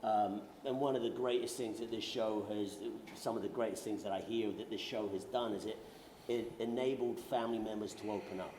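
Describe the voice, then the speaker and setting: A man's voice: on the low side, steady tone, fairly quick, warm tone. A British man with a London accent telling stories on a panel in a joking, self-deprecating way. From Britain. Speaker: actor on a veterans' conference panel. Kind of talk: casual panel storytelling. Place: conference hall panel. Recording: roomy echo with faint noise.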